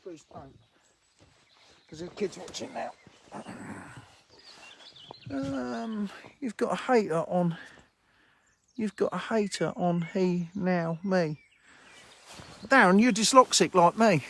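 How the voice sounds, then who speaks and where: A man's voice: sits high, slow pace, gravelly, long pauses, slight background noise. A man hosting a casual outdoor livestream by a fishing lake, rambling bluntly and chatting with viewers. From England. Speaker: livestream host. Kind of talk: casual livestream chat reading viewer comments.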